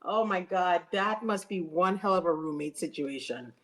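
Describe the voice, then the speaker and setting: A woman's voice: lowish voice, a bit bright. A woman co-hosting a podcast, chatting casually with short reactions. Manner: slow, brief reactions and laughter. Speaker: podcast co-host. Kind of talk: casual chat.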